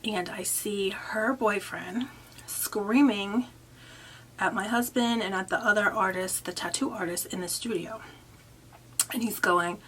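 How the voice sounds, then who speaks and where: A young woman vlogger telling a story in a chatty, animated way, with many fillers and hushed asides. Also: medium pitch, unhurried, a little hiss or hum. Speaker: makeup artist and vlogger. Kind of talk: casual storytime.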